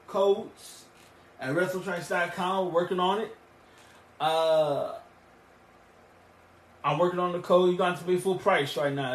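A man hosting a wrestling podcast on his own, recapping matches and plugging shows in an excitable, rambling way. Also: high voice, echoey room. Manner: excitable, rambling, with restarts and emphatic bursts. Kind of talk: solo podcast recap and show plugs.

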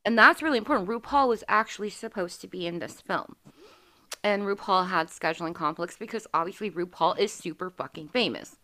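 A woman's voice: on the low side, brisk, bright, forceful tone. A woman in her forties hosting a podcast, telling a candid, profane personal story in casual chat. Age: 40s. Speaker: podcast host.

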